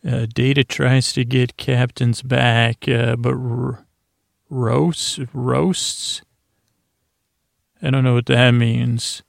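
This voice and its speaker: Gravelly dude droning through a sleepy show recap, lots of uhs and restarts, super dry mic. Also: male voice, mid-range voice, completely flat delivery, dry recording. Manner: meandering, halting, full of "uh" fillers and self-corrections. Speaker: podcast host. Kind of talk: rambling sleep-podcast episode recap.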